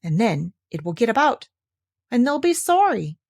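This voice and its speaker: A woman's voice: on the high side, big pitch swings, moderate pace, creaky, a little mellow, dry recording, studio quality, exaggerated voice. A woman reading a storybook aloud and voicing a gloomy, self-pitying old male donkey who grumbles and mopes. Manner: mopey, grumbling complaint.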